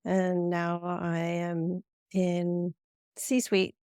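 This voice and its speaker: A woman's voice: lowish voice, monotone, extremely slow, a little mellow, clean tone, no room sound. A woman in her fifties co-hosting a podcast, telling her background in a plain, matter-of-fact way. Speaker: podcast co-host, nurse manager. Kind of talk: casual chat.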